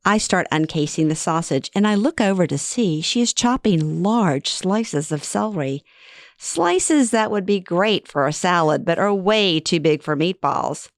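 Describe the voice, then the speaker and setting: A middle-aged woman reads her own memoir aloud, narrating a personal story in the first person with wry, self-deprecating humor. Her lowish voice is expressive and a little slow, captured in studio quality with no room sound.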